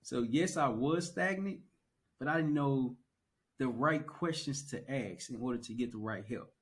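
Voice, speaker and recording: A young man on a podcast, chatting casually and telling his story with animated emphasis and repeated phrases. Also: medium pitch, measured pace. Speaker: podcast guest. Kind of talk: casual conversation.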